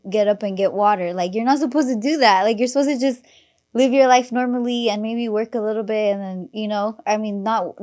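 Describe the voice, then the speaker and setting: A woman's voice: mid-range voice, darkish tone. A young woman hosting a podcast, telling a story in casual chat, laughing often and acting out the people she quotes, full of fillers and casual swearing. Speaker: podcast host.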